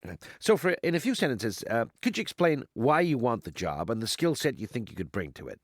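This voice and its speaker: A man's voice: medium pitch, very animated, fairly quick, dry recording, clean studio sound, voice pushed up. A man voicing a nervous young male retreat founder who stammers and hesitates politely. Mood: flustered.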